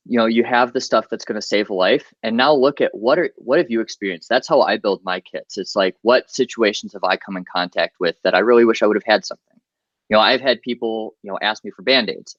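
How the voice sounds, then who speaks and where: A man's voice: fairly low pitch, fairly bright tone, no room sound. Man with a dull, lo-fi sound. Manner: practical, chatty, many fillers. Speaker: guest medic. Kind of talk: casual podcast interview.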